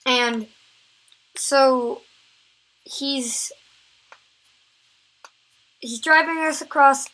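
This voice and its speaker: A woman's voice: high voice, fairly bright tone, poor audio. A woman vlogger telling a story time tale, rambling with many fillers and restarts.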